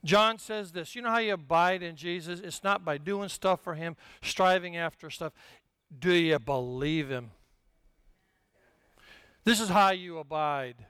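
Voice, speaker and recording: An older man delivers a sermon in a high, bright voice that rings with energy. He tells stories with humor and swings from hushed asides to shouted peaks, with a smooth, resonant tone in a dry, close sound. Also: measured pace, dry recording. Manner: storytelling with humor. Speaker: pastor.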